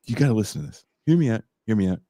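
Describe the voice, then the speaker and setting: A man voicing a weary, unimpressed male demon from hell in a deep, muttering comedic bit. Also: lively intonation, racing, warm tone, no room sound, studio quality. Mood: menacing.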